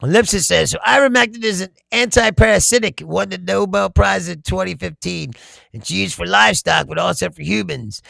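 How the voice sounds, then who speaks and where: A man's voice: sits high, a little fast, gravelly, bright, forceful tone, no echo. A man hosting a casual livestream, reading viewer comments aloud, laughing often and swearing freely. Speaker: livestream host.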